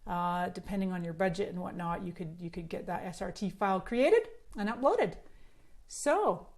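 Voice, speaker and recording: A woman's voice: lowish voice, animated, moderate pace, darkish tone. A middle-aged woman with a Scottish-Canadian accent, chatting bubbly and casually on a live stream and answering viewer comments, filmed on a phone on a selfie stick. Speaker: social media marketing host.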